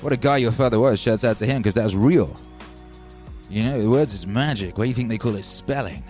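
A man's voice: mid-range voice, fairly quick, a little mellow. A man, chatting loosely as a livestream DJ host and reading out viewer messages. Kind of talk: casual livestream chat. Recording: music playing faintly behind.

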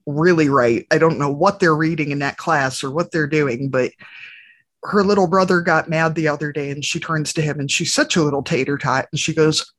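A woman's voice: low-pitched, normal speed, dry recording. A woman co-hosting a podcast, telling candid, chatty stories about family life. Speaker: podcast co-host. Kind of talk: casual podcast conversation.

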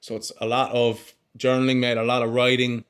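Irish man, podcast guest, casual candid storytelling, level even delivery, says mate a lot, restarts his phrases. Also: mid-range voice, brisk, smooth. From Ireland.

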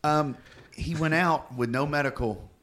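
A man co-hosting a casual chat, rambling and animated as he tells stories and laughs. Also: fairly high pitch, a little slow.

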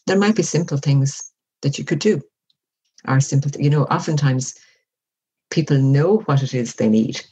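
A woman speaking as an interview guest, giving measured, reflective advice and often acting out example conversations. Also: extremely low pitch, dark tone, breathy edge, rough recording. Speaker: workplace wellbeing guest.

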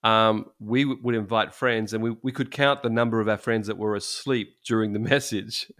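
A middle-aged man, a pastor, telling stories in casual chat, animated and laughing often. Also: fairly low pitch, normal speed.

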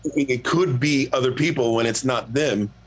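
A middle-aged man, a guest singer, telling a long story in a relaxed, profane, self-mocking way. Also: mid-range voice, moderate pace, slightly rough. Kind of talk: casual storytelling.

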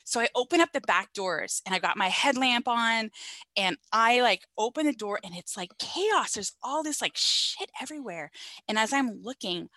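A woman paramedic telling a story in casual chat, animated, swearing freely and laughing as she goes. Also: on the high side, normal speed, dry recording, low-quality recording.

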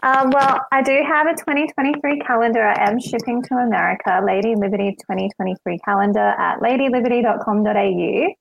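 A woman's voice: on the high side, quick pace, vocal fry, hardly any pauses, dull audio. An Australian woman, a podcast guest, chatting casually and laughing easily.

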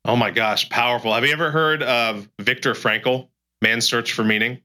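A man's voice: medium pitch, steady tone, normal speed, sharp tone. A man hosting an interview, reacting with enthusiasm and explaining history to his guest. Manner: enthusiastic, informative. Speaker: podcast host. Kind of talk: conversational interview.

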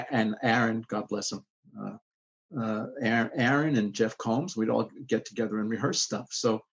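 A man being interviewed as an actor guest, talking in a rambling, halting way with many restarts. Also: mid-range voice, creaky, breathy edge, dull audio. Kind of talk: podcast interview.

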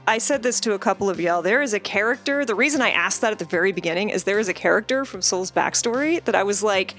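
A woman's voice: medium pitch, lively intonation, quick pace, fairly bright tone, soft background music. A woman player chatting casually and animatedly about her character. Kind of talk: casual aftershow chat.

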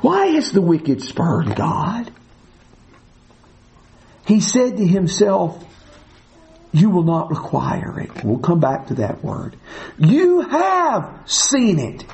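A man's voice: on the high side, big pitch swings, takes it slowly, creaky, pauses often, warm tone, low-quality recording. A man teaching verse by verse through a psalm, stressing and repeating key phrases emphatically. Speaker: preacher.

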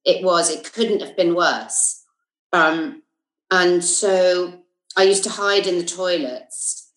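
Lively English woman telling anecdotes, roomy sound. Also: lowish voice, slow pace. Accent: southern English. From England. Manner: lively storyteller with many fillers and asides. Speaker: podcast guest, comedian and actress. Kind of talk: casual interview anecdotes. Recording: roomy echo.

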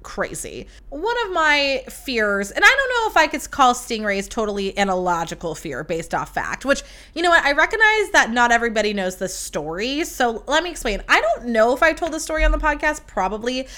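A young woman hosting a podcast, telling a story in a casual, animated and profane way. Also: on the high side, brisk, hardly any pauses. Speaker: podcast host.

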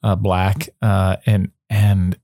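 A man hosts an interview in a fairly low voice, attentively drawing out his guest and affirming him. The recording is dry, with no room echo. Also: level tone, slow pace, warm tone. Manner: attentive, affirming, with short backchannels. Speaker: host. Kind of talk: interview conversation.

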